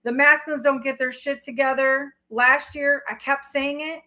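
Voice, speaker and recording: A woman's voice: high voice, fairly even intonation, moderate pace, bright, forceful tone. A woman hosting a tarot livestream, talking bluntly and swearing freely as she rants to her viewers. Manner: blunt, profane ranting. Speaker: tarot reader.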